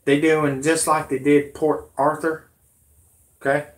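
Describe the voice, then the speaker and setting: Man, ranting vlog host, indignant, rambling, slow delivery. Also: a little high, flat delivery.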